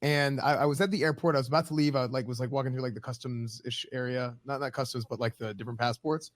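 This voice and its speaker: Fast-talking, excitable man on a call. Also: mid-range voice, dry recording, studio quality. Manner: excitable, rapid storytelling. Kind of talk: casual podcast chat. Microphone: remote call.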